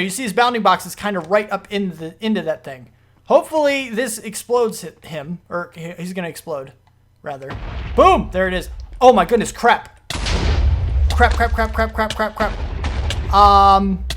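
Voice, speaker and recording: Excitable man narrating his own gameplay. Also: high-pitched, a little hiss or hum. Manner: excitable, panicky outbursts between rambling explanations. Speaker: gaming video host. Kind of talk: casual gameplay commentary.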